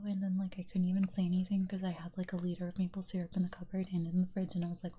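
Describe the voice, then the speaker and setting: Brief: young woman, whispered role-play chat reading, husky and dark, light giggles. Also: on the low side, monotone, rapid-fire, few pauses. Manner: soft whisper, giggly, reads chat aloud. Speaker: VTuber streamer reading chat.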